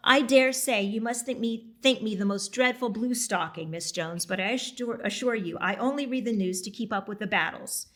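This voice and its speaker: A woman reading aloud, giving the lines of a flustered, eager young modern woman with a chatty, excited manner. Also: medium pitch, moderate pace, hardly any pauses, close to an everyday voice. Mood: playful.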